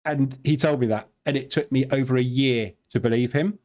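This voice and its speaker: A man's voice: mid-range voice, fairly quick, darkish tone. A middle-aged man with a southern English accent, hosting a live trading stream and chatting casually with viewers, joking and laughing easily. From southern England. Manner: chatty, jokey, laughs easily, answers viewers' questions aloud.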